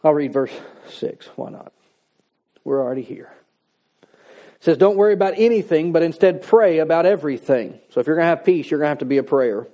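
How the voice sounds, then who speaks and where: A man's voice: a little high, animated, fairly quick, mellow. A man preaching a sermon in a conversational, folksy way, reading scripture and adding plain-spoken asides. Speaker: pastor.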